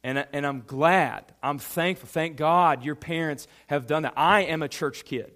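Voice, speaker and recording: A man preaching a sermon, emphatic and animated, speaking directly to a young congregation. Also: a little high, unhurried. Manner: addresses a youth audience directly. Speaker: pastor.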